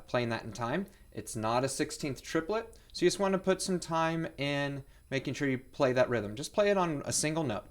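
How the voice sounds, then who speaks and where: A man's voice: fairly high pitch, expressive, moderate pace, few pauses. A male percussion teacher with a Midwestern American accent, explaining audition excerpts and counting and scatting rhythms aloud. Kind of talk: instructional demonstration.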